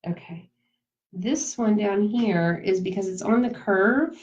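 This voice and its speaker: A woman's voice: mid-range voice, slow pace, darkish tone. A woman giving a casual live craft demonstration, chatty, laughing easily and talking straight to her viewers. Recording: dull lo-fi sound.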